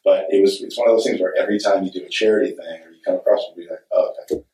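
Middle-aged man, lowish voice, candid rambling panel guest, roomy distant sound. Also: steady tone, very fast, warm tone. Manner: candid, rambling, laughs readily. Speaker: actor and director at a fan convention panel. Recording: echoey hall, distant mic.

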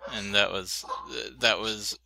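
A man's voice: on the low side, steady tone, slow pace, creaky, pushed and bright, a little hiss or hum. A man joking in casual podcast chat, dropping wry asides.

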